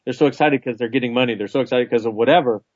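Man, radio co-host, casual joking chat, mid pitch, slightly dull broadcast audio. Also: racing. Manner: chatty, joking, laughs easily.

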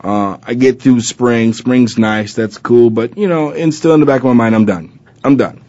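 A man's voice: mid-range voice, moderate pace, dull audio. A man from Arizona and a former college football player, telling a personal story in an interview and acting out old conversations with lots of fillers. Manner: animated retelling, acting out past dialogue with many fillers.

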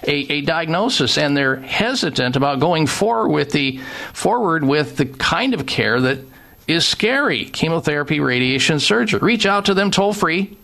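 A man hosting a radio talk show in an emphatic way, pushing his pitch up hard on key words and cutting in to make his own points. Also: animated, normal speed, creaky, bright, forceful tone.

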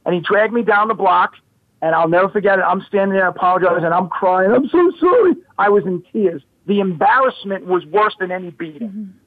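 Man, 50s, high voice, animated, repeats words, phone-like line. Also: fairly quick, no echo. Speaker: guest. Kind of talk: casual storytelling.

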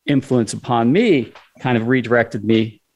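A man's voice: medium pitch, normal speed, a little mellow. Guy telling a personal story in a chat, medium voice, acts out what he and others said. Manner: conversational storyteller who acts out his own dialogue.

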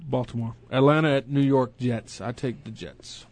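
A man's voice: medium pitch, fairly even intonation, a little mellow. A man hosting a casual sports talk radio show, joking and running through picks with guests. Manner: easygoing, joking, quick to laugh. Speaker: radio host.

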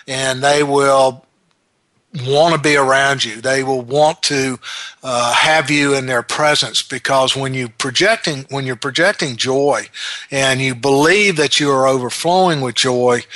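A man hosting a self-help show, giving a motivational talk in an earnest way and slowly repeating affirmations for emphasis. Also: mid-range voice, pushed and bright, no echo.

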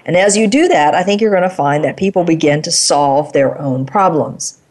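A woman's voice: low-pitched, lively intonation, normal speed, a little mellow. A woman hosting an interview, affirming and summing up her guest's points. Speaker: interview host.

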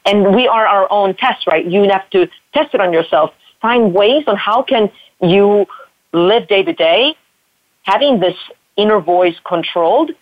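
A woman's voice: mid-range voice, lively intonation, measured pace, dry recording, phone-quality sound. A woman guest and spin instructor, talking bluntly with plenty of swearing about tough love and self-worth. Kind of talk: candid interview conversation.

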